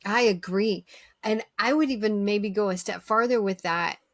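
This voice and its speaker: A woman's voice: medium pitch, moderate pace, no echo, studio quality. A woman hosting a podcast interview, chatting casually and with enthusiasm, often repeating her words. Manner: enthusiastic, agreeable, repeats herself. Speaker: podcast host.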